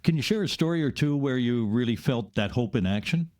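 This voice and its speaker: A man hosting a podcast who asks measured, prepared questions. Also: mid-range voice, animated, a little mellow. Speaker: podcast host. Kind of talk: interview questions.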